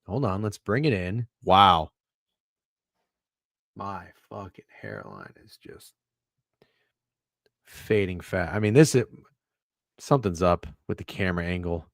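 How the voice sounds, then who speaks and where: A man's voice: sits low, big pitch swings, measured pace, gravelly, long pauses, no room sound, clean studio sound. A young man co-hosting a casual sports betting show over a video call, joking and swearing while fussing with his camera. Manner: profane, joking, flustered by camera trouble. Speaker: podcast co-host.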